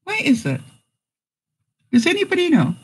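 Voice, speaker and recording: A woman's voice: extremely high pitch, huge pitch swings, moderate pace, poor audio. A woman hosting a casual live stream, reading out jokes and viewer comments and laughing often.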